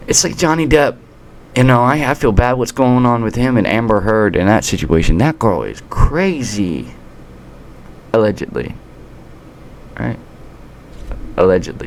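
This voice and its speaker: Man, deep voice, from the US, combative sarcastic rant, stumbles and restarts, faint hiss behind. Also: expressive, a little slow, pauses often. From United States. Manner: stumbles over words and restarts. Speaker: commentary channel host. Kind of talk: political commentary rant.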